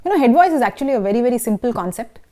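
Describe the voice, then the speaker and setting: A woman's voice: on the high side, animated, rapid-fire, mellow. A woman with an Indian English accent teaching a singing lesson, explaining technique and checking in with the listener. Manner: instructive, checks in with listeners often. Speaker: vocal teacher.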